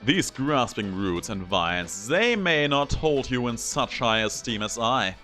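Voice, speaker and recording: A man's voice: medium pitch, lively intonation, measured pace, bright, forceful tone, soft background music. A man voicing a flowery, theatrical male master of ceremonies who speaks in grand, old-fashioned, courtly phrases. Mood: grandiose.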